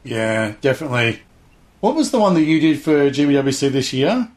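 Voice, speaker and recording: A man's voice: medium pitch, big pitch swings, brisk, a little mellow. A middle-aged man chatting casually in an interview, rambling enthusiastically and acting out little voices as he talks. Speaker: guest, hobby show host.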